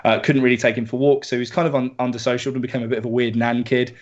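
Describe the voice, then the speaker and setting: A young man chatting as a podcast co-host, animated and sweary as he gushes about his dog. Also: medium pitch, very fast. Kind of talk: casual chat. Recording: dull lo-fi podcast audio.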